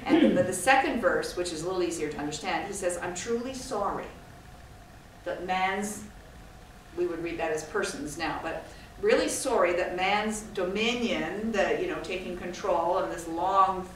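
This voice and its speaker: A woman's voice: fairly low pitch, moderate pace. A woman from Scotland giving an informal, digressive talk to an audience, chatty and self-deprecating. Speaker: guest speaker. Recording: echoey hall from far off, faint noise.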